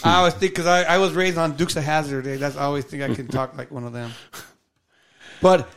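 A man's voice: fairly high pitch, little pitch movement, fast, a bit bright, clear, resonant tone. A man co-hosting a podcast in a casual, exasperated rant with mocking asides. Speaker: podcast co-host. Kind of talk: casual ranting chat.

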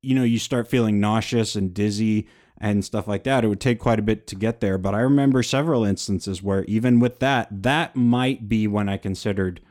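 A man's voice: fairly low pitch, normal speed, darkish tone. A man co-hosting a casual podcast, telling candid, self-deprecating stories with lots of "uh" and "um". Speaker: podcast co-host.

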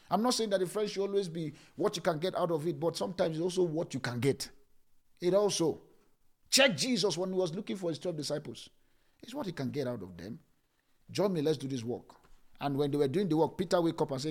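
A middle-aged man preaching a sermon, repeating phrases and switching between loud bursts and hushed lines. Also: on the high side, lively intonation, brisk, creaky. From Nigeria. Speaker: pastor.

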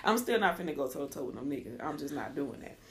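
A woman co-hosting a podcast, telling a story in a casual, animated way, laughing often and acting out what people said. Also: sits low. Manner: animated, laughs often, acts out quoted dialogue; talks quickly at times, with restarts. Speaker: podcast co-host.

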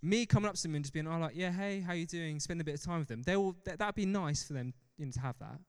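A young man delivers a sermon in a large church hall, his smooth, clear voice trailing into a long reverb. He talks in an animated way and breaks off for self-mocking laughs. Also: fairly high pitch, racing. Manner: animated, laughs often, self-deprecating asides. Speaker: preacher.

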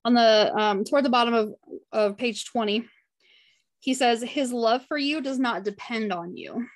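A woman's voice: on the high side, moderate pace. A woman leading a casual Bible study, reading passages aloud and talking about them in an earnest, heartfelt way. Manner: earnest and heartfelt, chatty with frequent "like".

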